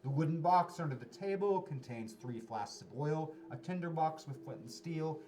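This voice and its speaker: A man running a tabletop game as game master, describing rooms in measured narration with small restarts. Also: fairly high pitch, lively intonation, mellow. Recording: distant mic with music behind.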